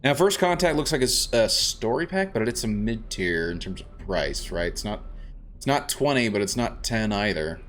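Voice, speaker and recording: A man's voice: lowish voice, expressive, normal speed, a bit bright, slight background noise. A man streaming a game, chatting casually with viewers and rambling a bit. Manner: chatty, rambling, restarts, answers chat. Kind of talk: casual let's-play chat.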